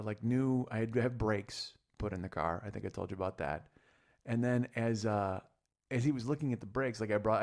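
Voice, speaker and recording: A man's voice: lowish voice, vocal fry, a little mellow. A man in his forties hosting a comedy podcast, talking in a rambling, profane, self-deprecating monologue full of restarts. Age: 40s. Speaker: podcast host.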